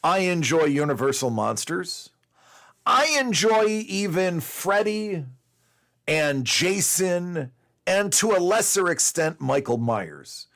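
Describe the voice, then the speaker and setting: A man in his forties tells a story slowly, with plenty of fillers and restarts. His voice sits a little high and swings up and down with lively energy as he hosts a casual collecting show. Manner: rambling, animated storyteller with many fillers. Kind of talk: casual storytelling to a live chat.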